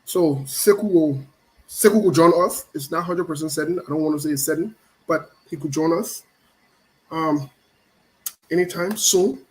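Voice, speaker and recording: A man's voice: on the high side, moderate pace, long pauses, rough recording. A middle-aged man hosts a casual live stream, greeting viewers by name in a playful, teasing way and repeating his phrases. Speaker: show host.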